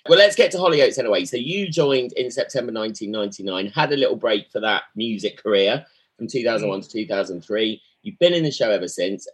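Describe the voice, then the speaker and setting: Male podcast host, rapid husky delivery, gushing interviewer. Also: lowish voice, low-quality recording. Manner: enthusiastic, effusive interviewer. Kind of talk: casual interview chat.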